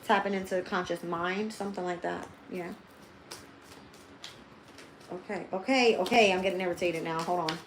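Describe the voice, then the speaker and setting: A woman's voice: fairly low pitch, steady tone, normal speed, pauses often, reverberant, background noise. Blunt, foul-mouthed woman tarot reader. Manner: blunt and heavily profane; thinks aloud, talking straight to viewers. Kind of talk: livestream tarot reading.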